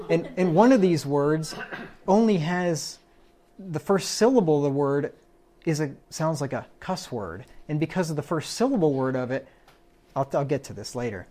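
A man's voice: on the high side, lively intonation, normal speed, dark tone, a little hiss or hum. Conversational preacher man teaching scripture. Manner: conversational, quotes scripture, asks the room "right?". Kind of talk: Bible-study sermon.

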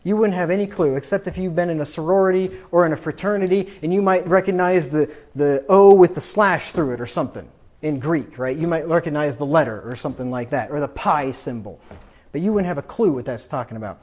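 A man preaching a combative, sarcastic sermon that builds to emphatic, drawn-out peaks. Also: fairly high pitch, darkish tone, lo-fi sound. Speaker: pastor.

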